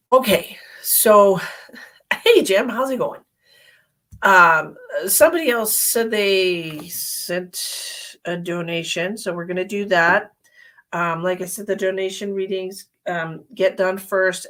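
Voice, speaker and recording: A woman's voice: fairly low pitch, a bit bright. A middle-aged woman, a psychic medium, chatting casually on a livestream, rambling through an anecdote with many fillers and reading viewer comments aloud.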